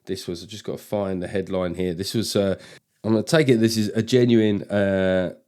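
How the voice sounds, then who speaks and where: A man's voice: low voice, fairly even intonation, moderate pace, darkish tone. A man hosting his own comedy podcast, talking in a loose, jokey, sweary monologue with lots of asides. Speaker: podcast host.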